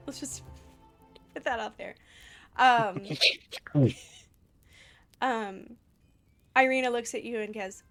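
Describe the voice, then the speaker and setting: Game master, woman, light higher voice, chatty and giggly, faint music under. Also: takes it slowly, long pauses. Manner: laughs often, casual with fillers. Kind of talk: narrating a tabletop game. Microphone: home mic on a livestream.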